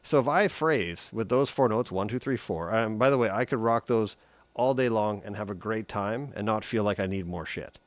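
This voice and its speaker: Laid-back guitar teacher man, low voice. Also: moderate pace, dry recording. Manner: relaxed, chatty, sings note sounds. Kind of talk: casual live-stream guitar lesson.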